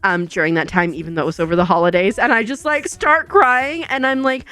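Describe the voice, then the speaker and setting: A young woman streaming from home, chatting casually with viewers, bubbly and chatty, full of "like" and quick laughs. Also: medium pitch, animated, clean tone, no room sound. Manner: says "like" a lot. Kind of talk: casual chat with chat readers. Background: soft background music.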